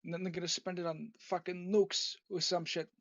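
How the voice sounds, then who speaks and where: A man's voice: sits high, flat delivery, moderate pace, dry recording. A man doing a rambling old mafia boss. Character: aging male mafia boss, menacing, rambling. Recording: dull lo-fi dry home recording.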